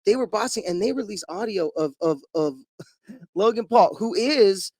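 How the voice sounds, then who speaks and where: A man co-hosting a casual podcast chat, an animated storyteller who repeats words as he gets going. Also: high voice, normal speed, dry recording. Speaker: podcast co-host.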